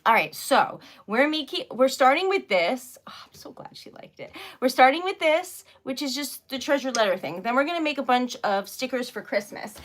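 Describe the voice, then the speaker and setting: A woman's voice: sits high, lively intonation, moderate pace, hardly any pauses, fairly bright tone. A woman hosting a casual craft livestream, chatting and giggling often as she greets viewers. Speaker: livestream host making wax seal stickers.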